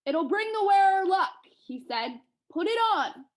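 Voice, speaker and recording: A woman reading aloud and voicing a mean old male giant who shouts his commands. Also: extremely high pitch, lively intonation, unhurried, voice pushed up. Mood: commanding.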